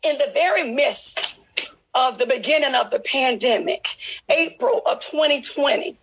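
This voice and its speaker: A woman giving an impassioned testimony at a women's ministry discussion, her preaching swelling into emotional shouts. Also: high voice, lively intonation, measured pace, husky, poor audio.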